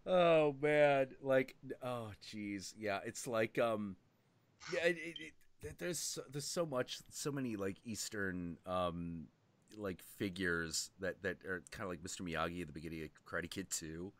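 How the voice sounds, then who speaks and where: Animated, swearing male stream host. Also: on the low side, unhurried. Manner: animated, swears often, bursts into shouted impressions. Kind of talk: casual chat on a livestream.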